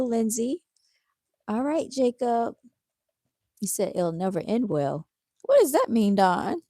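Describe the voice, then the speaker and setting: A woman's voice: mid-range voice, dark tone, no echo, clean studio sound. Tired woman chatting on a livestream. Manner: chatty, reads viewer comments aloud; laid-back, addresses viewers as y'all. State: tired, yawning. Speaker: livestream host. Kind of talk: casual livestream chat.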